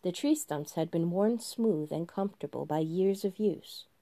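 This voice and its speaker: A woman hosting a podcast reads a story aloud in a gentle, relaxed way. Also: lowish voice, normal speed, dry recording. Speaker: podcast host reading a story. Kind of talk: storybook narration.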